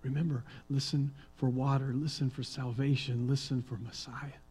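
A male pastor preaching a sermon, reading psalms aloud and swinging between hushed, quiet reading and loud, emphatic proclaiming. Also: medium pitch, level tone, moderate pace, slightly rough, low-quality recording.

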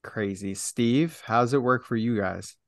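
A man's voice: mid-range voice, unhurried, no echo, studio quality. A man co-hosting a podcast in casual chat, talking in a self-deprecating and teasing way. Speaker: podcast co-host.

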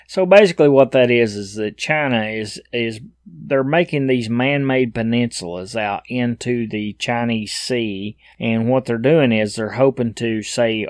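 Blunt low-voiced man riffing on news. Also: no room sound, clean studio sound. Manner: blunt, opinionated, reads headlines aloud then riffs loosely. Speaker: commentator reviewing news headlines. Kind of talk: casual news commentary.

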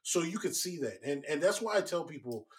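A man's voice: fairly high pitch, sing-song, fairly quick. A man co-hosting a casual talk, giving earnest, lecturing relationship advice. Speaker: co-host. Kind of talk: casual chat.

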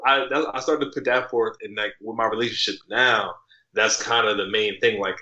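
Bright-voiced man in roomy sound. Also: fairly low pitch, moderate pace, highs cut off. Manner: relaxed, rambling with many fillers and restarts. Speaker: podcast guest. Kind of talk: casual interview chat.

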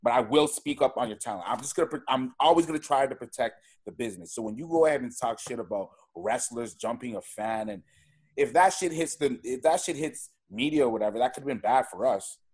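A man's voice: mid-range voice, animated, a little fast, a little mellow, breathy edge. A man who is a podcast guest, talking in casual chat with a blunt, emphatic delivery and heavy swearing.

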